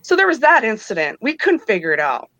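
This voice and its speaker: A woman's voice: fairly high pitch, big pitch swings, fast talker, a bit bright, dry recording, muffled recording. A woman in her thirties casually telling a personal story, acting out the voices of others and laughing between lines. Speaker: guest telling her own experiences.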